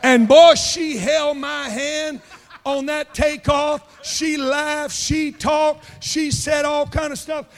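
A man preaching a sermon in a church, telling a story and building to passionate shouting. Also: very high voice, little pitch movement, slow, long reverb tail.

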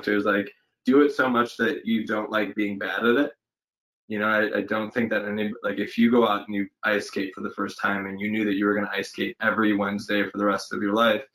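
A man with a fairly low voice answers interview questions about his acting work. He talks thoughtfully and hesitantly, pausing on fillers and starting sentences over as he works out his ideas. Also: a bit bright, rough recording. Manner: reflective, hesitant, many fillers and restarts. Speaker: actor guest. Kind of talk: casual interview conversation.

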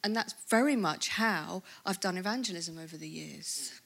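A woman in her fifties speaking at a conference, telling a personal testimony in a lively storytelling way and acting out what people said. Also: fairly low pitch, moderate pace, creaky. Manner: lively storytelling with laughs and acted-out quotes.

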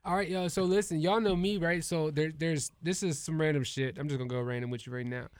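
A man hosting a casual podcast, telling stories in an animated way and laughing as he talks. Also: on the high side, quick pace, no echo. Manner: animated storytelling, laughs while talking. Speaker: podcast host.

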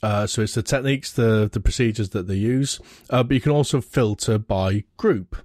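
Measured man explaining in a dry recording. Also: on the low side, darkish tone, no room sound. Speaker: panelist with a military background. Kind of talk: casual panel discussion.

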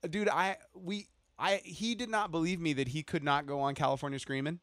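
A man's voice: on the high side, steady tone, brisk, a bit bright. A man telling stories in casual chat, swearing freely and acting out what people said. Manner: swears freely, acts out quoted voices.

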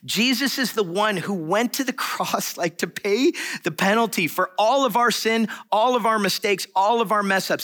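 A man's voice: high-pitched, sharp tone. A male pastor giving a sermon in a conversational way, with asides and light laughter.

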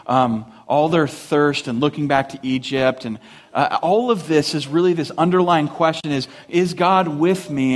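A man preaching a sermon as a pastor, talking in a conversational way and acting out the story with lively voices. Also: medium pitch.

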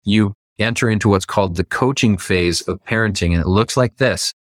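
Low-voiced man explaining parenting phases. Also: normal speed, no echo, clean studio sound. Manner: explanatory, acts out quoted dialogue. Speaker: life coach guest; football coach. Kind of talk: podcast interview.

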